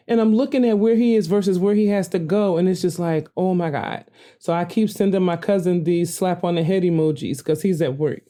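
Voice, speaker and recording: An older woman, hosting a podcast and telling a story in a rambling, animated way with frequent self-corrections. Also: lowish voice, normal speed. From New Jersey. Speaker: podcast host. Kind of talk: casual storytelling monologue.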